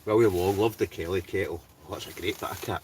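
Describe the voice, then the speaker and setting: A man's voice: low-pitched, fairly even intonation, fast talker, darkish tone, distant mic, a little hiss or hum. A Scottish man livestreaming from a tent outdoors, chatting casually and greeting viewers by name as he reads their comments. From Scotland. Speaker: wild camping livestreamer. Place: hot tent outdoors behind his house.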